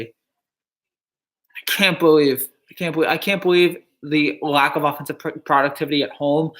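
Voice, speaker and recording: A man's voice: fairly high pitch, a bit bright. A man on a live reaction stream, dejected and stammering, repeating himself.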